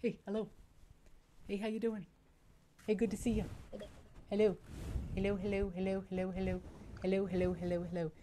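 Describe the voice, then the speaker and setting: A woman's voice: mid-range voice, level tone, brisk, pauses often, dark tone, a little hiss or hum, natural voice. A woman voicing a friendly, joking male monkey hand puppet for young children. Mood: greeting. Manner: jokey, chatty, bouncy.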